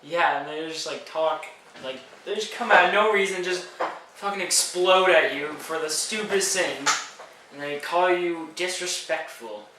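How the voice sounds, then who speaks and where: A man's voice: fairly high pitch, normal speed, pushed and bright. A teenage boy chatting crudely and offhandedly with friends on camera. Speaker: vlogger. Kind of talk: casual chat. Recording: echoey room, mic far off, faint hiss.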